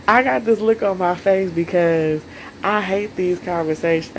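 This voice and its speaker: Earnest woman with a gravelly voice. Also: fairly low pitch, a little slow, slight background noise, low-quality recording. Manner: earnest, speaks straight to viewers; emotional. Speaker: self-care coach. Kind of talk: solo live stream talk.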